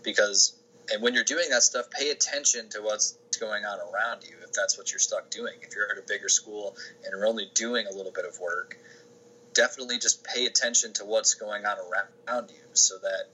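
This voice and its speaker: Interview guest: man, lowish voice with a bright edge, rambling casual answers full of restarts, faint hiss behind. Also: fairly even intonation, moderate pace, rough recording. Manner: rambling, many restarts and fillers. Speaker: sports information director, podcast guest.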